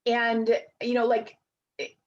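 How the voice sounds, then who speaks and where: A woman in her thirties with a fairly high voice, speaking as a guest in an interview. She talks reflectively and chattily, often pausing on fillers before going on. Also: monotone, highs cut off. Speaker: guest, life coach. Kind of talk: casual interview chat.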